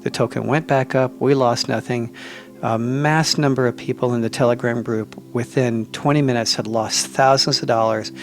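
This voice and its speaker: A man hosting a radio talk show, telling stories in an animated, chatty way. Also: medium pitch, normal speed, hardly any pauses, soft background music.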